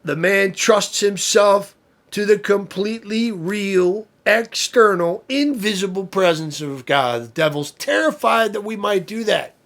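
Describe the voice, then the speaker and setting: A man with a somewhat high, gravelly voice gives an informal lesson as a priest. He talks loosely, with fillers and asides. He builds to emphatic, louder stresses on the points he cares about. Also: lively intonation, unhurried. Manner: explains with fillers and asides, rising to emphatic peaks. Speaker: priest teaching a study session.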